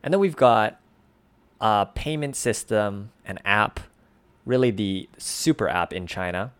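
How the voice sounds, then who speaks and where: A man with a deep voice co-hosts a language lesson podcast in a casual, easygoing way. He explains words with relaxed, musing asides. His voice sounds dry and close, with no room echo. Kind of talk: casual teaching banter.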